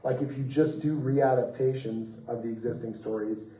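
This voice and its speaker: A man, a comics writer on a festival panel, telling anecdotes in a lively way, acting out the people he quotes and laughing as he goes. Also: medium pitch, moderate pace, recorded from a distance. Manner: animated, acts out quoted voices, laughs mid-story. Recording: roomy echo, voice off-mic.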